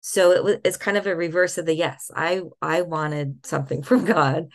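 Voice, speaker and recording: Low, gravelly-voiced middle-aged woman. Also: steady tone. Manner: soft-spoken storyteller, thoughtful pauses. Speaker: podcast guest. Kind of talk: personal faith story in conversation.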